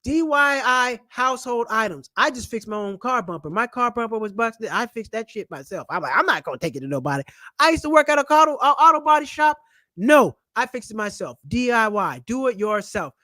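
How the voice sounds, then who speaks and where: A high, bright-voiced man rants loudly and playfully to his camera, tossing out money tips with slang and jokes. His voice is forceful and sharp. The recording is dry and close, with no room echo. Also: moderate pace. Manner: loud, animated, slangy and joking. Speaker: channel host and comedian. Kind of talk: casual personal finance vlog rant. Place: at home, seated in a chair. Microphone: camera mic.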